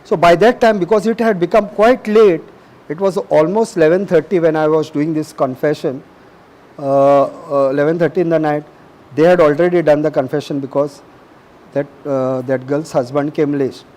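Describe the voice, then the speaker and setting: Middle-aged male preacher, high-pitched, emphatic and repetitive sermon delivery. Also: fairly even intonation, moderate pace, a little mellow, low-quality recording. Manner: emphatic, repetitive, asks the audience questions.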